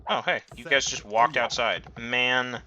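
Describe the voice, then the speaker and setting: A man's voice: mid-range voice, a little slow, muffled recording, a crowd in the background. A man giving casual, rambling let's-play commentary, swearing often and mocking himself. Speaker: gamer. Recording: noisy recording.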